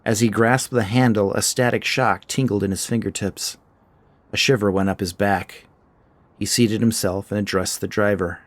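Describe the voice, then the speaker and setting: A man narrating a short fiction story in a measured, scripted storytelling style. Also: on the low side, fairly even intonation, no echo.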